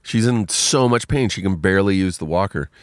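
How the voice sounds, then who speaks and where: A man's voice: deep voice, animated, fairly quick, dry recording, studio quality. A man casually telling a long, rambling personal story, full of fillers. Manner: rambling, filler-heavy retelling with many "like"s.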